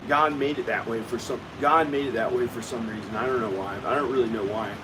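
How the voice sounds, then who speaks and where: A man's voice: medium pitch, steady tone, brisk, noisy background. A man vlogging at home in a casual, rambling monologue, often repeating himself as he talks to the viewer. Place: at home indoors.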